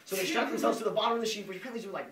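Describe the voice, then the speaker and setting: A young man gives a loose, jokey class presentation, rambling along with lots of fillers. His voice is high and lively. He is recorded from far off in an echoing classroom, with a loud crowd of classmates laughing. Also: racing. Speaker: student presenter.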